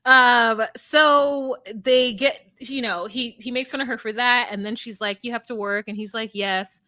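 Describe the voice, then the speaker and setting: Bright-voiced woman recapping a reality show. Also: unhurried, dry recording. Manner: animated storyteller, acts out quotes in high voices. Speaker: podcast co-host. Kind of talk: casual recap chat.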